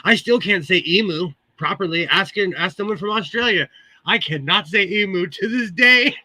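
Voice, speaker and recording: A man's voice: high-pitched, moderate pace, pushed and bright, no echo. A Californian man hosting a live sewing stream, chatting casually with viewers and laughing often between remarks. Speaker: livestream host. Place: home sewing room.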